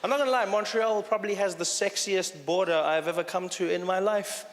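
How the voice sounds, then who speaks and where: High-voiced South African stand-up comedian. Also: male voice, brisk. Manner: chatty, animated, slips into impressions. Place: live comedy venue, large hall. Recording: echoey hall, loud audience noise.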